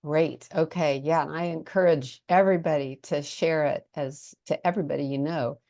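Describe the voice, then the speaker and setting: A woman's voice: low voice, steady tone, normal speed, mellow, no echo. A woman hosting an online interview, encouraging and enthusiastic about her guest's video. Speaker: interviewer host. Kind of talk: casual interview.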